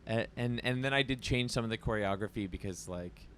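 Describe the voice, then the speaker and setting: A man's voice: lowish voice, fairly quick, fairly bright tone, slight background noise. A man being interviewed backstage in a festival trailer, talking in a chatty, casual way with lots of "like" and frequent restarts.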